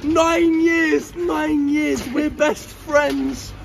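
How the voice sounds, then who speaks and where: A man's voice: very high voice, level tone, drawn-out words, gravelly, pitched above the performer's own voice, exaggerated voice. A young man impersonating a drunk, clingy young woman who keeps whining to her best friend. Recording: loud crowd noise outdoors.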